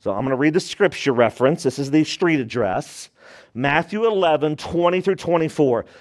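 High-voiced man preaching emphatically. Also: animated, normal speed. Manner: emphatic preaching that swings between raised and hushed delivery; rhetorical questions to the congregation. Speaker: pastor. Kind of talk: sermon.

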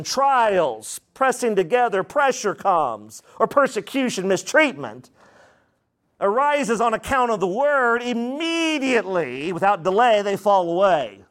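A man's voice: sits high, a bit bright. A man preaching a sermon as pastor, emphatic and dramatic, acting out the voices he quotes.

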